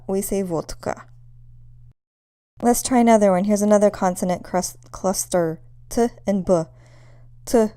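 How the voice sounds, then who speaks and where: Woman teacher going over pronunciation, slow and patient, mellow smooth voice. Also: medium pitch. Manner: clear, patient, demonstrates sounds slowly. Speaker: language teacher. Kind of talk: pronunciation lesson.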